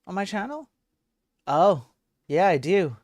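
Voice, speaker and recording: A man's voice: sits high, very animated, slow, darkish tone, no echo. A man hosting a casual coding livestream, chatting with viewers and restarting his sentences often. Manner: chatty, reads and answers chat, frequent restarts. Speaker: livestream host.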